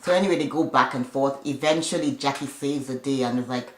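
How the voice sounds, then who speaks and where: A woman's voice: rumbling low, a little fast. A woman giving a casual, chatty recap of a reality show, with opinionated asides along the way. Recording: echoey room.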